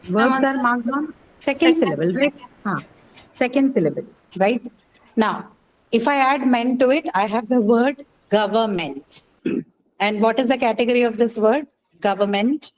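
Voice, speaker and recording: A woman's voice: a little high, moderate pace, a little hiss or hum, poor audio. A woman teaching a classroom lesson, asking questions and checking in with "right?" as she explains. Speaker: English teacher. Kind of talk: classroom lecture.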